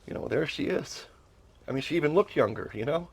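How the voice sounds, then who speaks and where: A middle-aged man tells a personal story in an earnest, emotional way. His voice sits a little high and swings widely as he repeats words. He often rises into pleading. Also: animated, fairly quick, creaky, breathy edge, no room sound. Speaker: podcast host telling a personal story.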